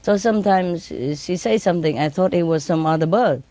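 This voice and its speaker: A woman telling casual stories in simple, broken English, laughing often and mimicking her birds in high sing-song tones. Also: brisk, mellow, no echo. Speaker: speaker telling stories about her pets. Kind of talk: casual storytelling.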